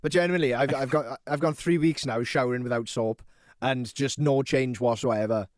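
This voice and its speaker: A man's voice: mid-range voice, moderate pace, no echo, studio quality. A young man teasing his friend with crude jokes in casual podcast chat. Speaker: podcast co-host. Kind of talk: casual banter.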